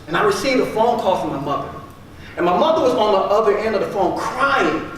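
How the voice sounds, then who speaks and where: Heard from far off in a large room full of people, a man with a high-sitting, slightly bright voice gives an emphatic motivational speech, repeating key phrases for effect. The audio is very echoey with faint noise.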